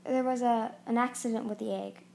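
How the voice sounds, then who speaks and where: A woman's voice: a little high, fairly even intonation, a little fast, creaky, mellow, slight background noise. A woman voicing a harsh, bitter female dragon guardian in a storybook reading, with a snarling manner. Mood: tense.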